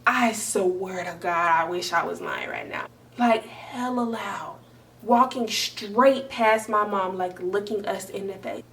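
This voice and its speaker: Young woman, storytime vlog, animated, emphatic, swears freely, slightly distant mic. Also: medium pitch, slow pace, faint music behind. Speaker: vlogger.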